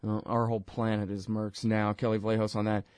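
A man's voice: lowish voice, little pitch movement, brisk, darkish tone, no room sound, studio quality. A man hosting his own talk show, delivering a sarcastic, ranting political monologue full of mocking asides. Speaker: radio show host.

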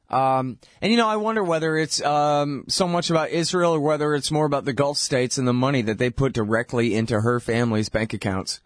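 A man hosts a political talk show, riding a sarcastic, mocking monologue full of heat. His voice sits at an everyday middle pitch. The sound is close and dry, with no room around it. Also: dry recording.

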